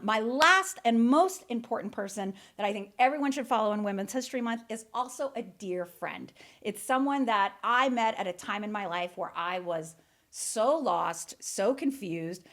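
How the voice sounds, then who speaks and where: A woman in her forties hosting a podcast, talking earnestly and emphatically straight to her listeners. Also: mid-range voice. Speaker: podcast host. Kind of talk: heartfelt solo podcast monologue. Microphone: studio microphone.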